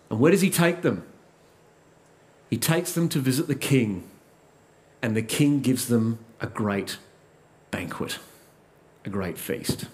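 A man's voice: mid-range voice, lively intonation, a little slow, long pauses. A man preaching a sermon, asking rhetorical questions and repeating key lines for emphasis.

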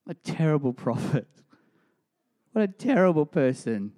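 A man preaching a sermon, emphatic and animated as he tells the story. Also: on the high side, normal speed.

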